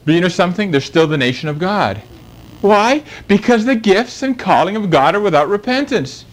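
A man's voice: sits high, low-quality recording. A man preaching a sermon, emphatic and fond of rhetorical questions.

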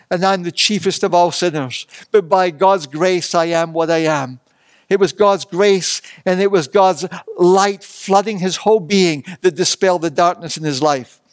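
A man's voice: high voice, no room sound. A man preaching a sermon with earnest, emphatic repetition.

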